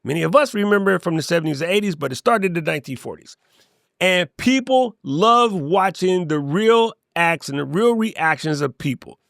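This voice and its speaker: A man hosting a casual talk to camera, animated and slangy, with playful asides to his viewers. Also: sits high, normal speed, vocal fry, no room sound, studio quality. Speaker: creator coach, host.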